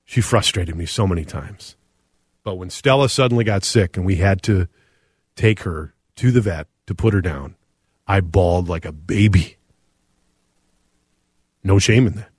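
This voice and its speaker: A middle-aged man hosting a radio talk show, reading listener texts aloud in an earnest, reflective way with frequent pauses. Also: deep voice, husky, no room sound, studio quality.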